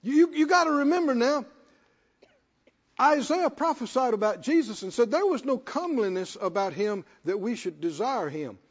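A man with a very high voice preaches in a lively, swooping delivery. He repeats himself for emphasis in a plain, folksy way. The sound is dull and lo-fi, with a long hall echo. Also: normal speed, slightly rough. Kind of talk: sermon.

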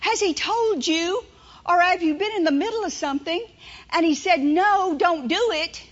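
A woman preaching a sermon, telling stories and acting out voices with lively delivery. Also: very high voice, normal speed, muffled recording. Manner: storytelling, animated, acts out inner voices.

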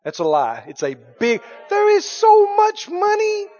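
A preacher with a strikingly high voice delivers a folksy sermon. He swings from quiet, low-key lines to loud, excited exclamations. The recording sounds dull and lo-fi. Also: measured pace.

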